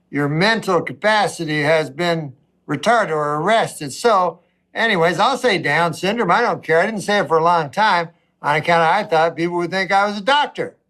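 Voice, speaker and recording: A man doing a stand-up comedy set, rambling and meandering, with long pauses and frequent self-interruptions. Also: sits high, a bit bright.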